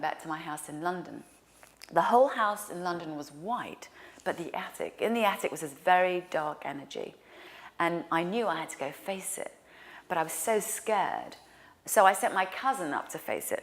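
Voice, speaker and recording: A woman telling a personal story in an animated way, dropping to a hushed whisper for quoted lines. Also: fairly low pitch. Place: lives in New York.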